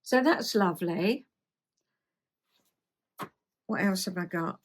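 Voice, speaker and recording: A woman's voice: lowish voice, slow. Older woman, 70s, London accent. Memoir read-aloud with rambling chatty asides, self-deprecating. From South East England. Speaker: host.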